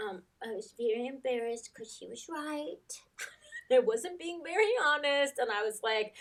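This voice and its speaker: Woman life coach, candid and animated storyteller, sits back from the mic. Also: mid-range voice, distant mic. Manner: candid storyteller, acts out quotes, laughs easily. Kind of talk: casual chat.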